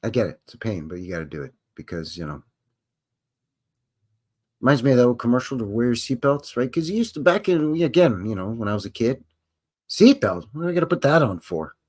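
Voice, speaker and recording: A man's voice: medium pitch, expressive, fairly quick, a little mellow. A man hosting a casual livestream, rambling and joking as he acts out little voices. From Canada. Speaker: livestream host.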